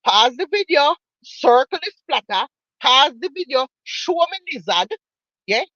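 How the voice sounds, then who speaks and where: A woman with a Jamaican accent holds forth in casual chat, mocking and emphatic, hammering her points home by repeating them. Her voice sits a little high. The recording is dry and a bit dull, like a low-fi home setup. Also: big pitch swings, unhurried, sharp tone, no echo. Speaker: online commentator.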